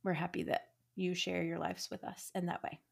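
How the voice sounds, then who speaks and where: A woman's voice: on the low side, flat delivery, a little fast, creaky, husky. Chatty American woman podcast host. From United States. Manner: chatty, upbeat, storytelling. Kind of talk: casual true-crime podcast chat.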